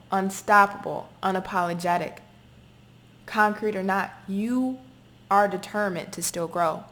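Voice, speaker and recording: A woman reading tarot for her viewers in a forceful, repetitive way. She drops casual swearing into the reading and talks at a middling pitch. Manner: emphatic, repetitive, swears freely. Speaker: tarot reader. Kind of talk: spoken tarot reading to camera.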